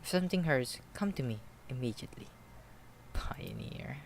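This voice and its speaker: A man voicing a sultry, calm woman nurse in a visual novel, speaking low and slow with a teasing manner. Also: creaky, in a whisper. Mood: coaxing.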